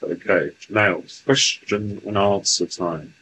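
A man speaking formally in a stilted, deliberate way as the voice in a channeling session, telling a joke and chatting with guests. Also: lowish voice, bright, forceful tone, slight background noise, low-quality recording.

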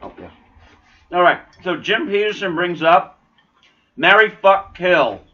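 A man's voice: high-pitched, animated, a little slow, lo-fi sound, slight background noise. A man hosting a casual podcast chat, joking as he reads out listener messages. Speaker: podcast host reading listener comments.

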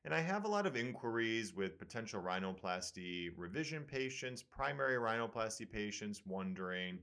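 A man's voice: on the low side, sing-song, moderate pace, fairly bright tone. A man with a Midwestern American accent, a surgeon hosting a casual medical talk show and explaining studies with fillers. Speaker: surgeon and podcast host.

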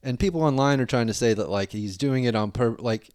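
A man's voice: mid-range voice, fairly quick, a little mellow, dry recording, studio quality. A man co-hosting a casual movie podcast, skeptical and asking questions. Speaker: podcast co-host. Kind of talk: casual movie review chat.

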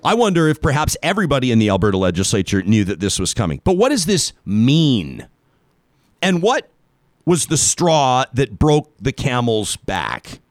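A man's voice: medium pitch, very animated, no room sound, studio quality. A man from Canada hosting a radio talk show, delivering a sarcastic political commentary monologue that leans hard on key words. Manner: emphatic, sarcastic, dramatic pauses on key words.

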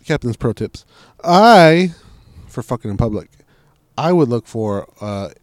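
A man's voice: medium pitch, very animated, a little slow, no echo. A man co-hosting a crude podcast from a parked car at night, telling a story loosely and with lots of swearing. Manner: loose, profane storytelling with acted-out quotes. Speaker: podcast co-host. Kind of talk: crude casual chat.

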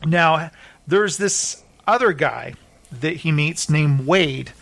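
A man with a notably high voice talks through TV episodes in a loose, chatty way. He laughs often and keeps the flow casual. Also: slow pace, gravelly, fairly bright tone. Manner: chatty, laughing, retells scenes with quoted voices. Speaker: podcast host. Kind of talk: casual chat about TV shows.

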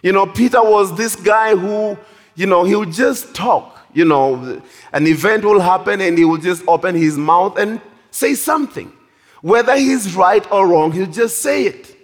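A man preaching a sermon in a church hall with animated, drawn-out emphasis. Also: sits high. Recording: long reverb of a large hall.

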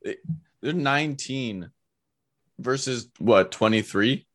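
A young man co-hosting a casual podcast, joking, laughing and mocking squeaky voices in chat. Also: takes it slowly, a bit bright. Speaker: podcast co-host.

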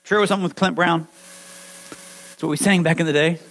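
A man preaching a sermon, telling his own testimony with animated storytelling that swings from hushed lines to loud ones. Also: on the high side, fast, slight background noise, rough recording. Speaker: pastor.

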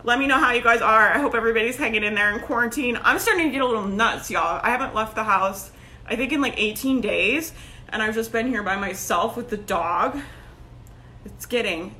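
A woman, a business coach talking casually and energetically to her online group, laughing often. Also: fairly high pitch. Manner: chatty and energetic, laughs often, says like and right a lot. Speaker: business coach hosting a Facebook group live video. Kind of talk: casual motivational live-stream talk.

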